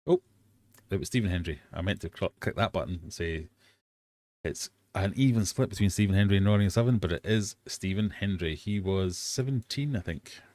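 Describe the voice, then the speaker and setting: A fairly low-pitched English man hosting a casual live quiz. He chats easily, mocks himself and wanders off on tangents before reading the next question. The sound is close and dry. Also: a little fast, darkish tone, no echo. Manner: chatty, self-mocking, easily sidetracked, bursts into silly sung bits. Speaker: host of a live quiz hangout.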